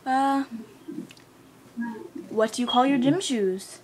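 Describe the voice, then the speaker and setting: A woman's voice: sits high, animated, slow pace. Flustered young New York woman, noisy webcam. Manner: chatty, flustered, self-mocking. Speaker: vlogger. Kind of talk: accent challenge video.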